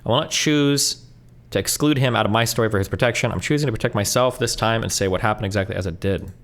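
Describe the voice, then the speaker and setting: A male streamer reading messages aloud quickly, breaking in with blunt asides and swearing. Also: lowish voice, a bit bright. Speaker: streamer reacting to online posts.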